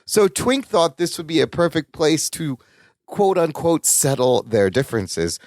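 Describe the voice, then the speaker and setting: A man's voice: on the high side, very animated, moderate pace, no echo, studio quality. A man co-hosting a podcast, playfully recapping a sitcom episode and laughing often. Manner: playful, laughs often while retelling scenes. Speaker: podcast co-host.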